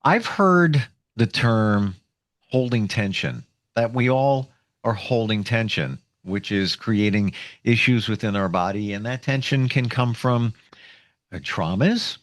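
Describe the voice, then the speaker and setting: A man hosts a podcast interview, thinking out loud before he puts a question to his guest. His pitch moves a lot while he talks. The recording is dry, with no room sound. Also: lively intonation, slow pace, dry recording. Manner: reflective, asks questions, frequent affirming murmurs. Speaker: podcast host.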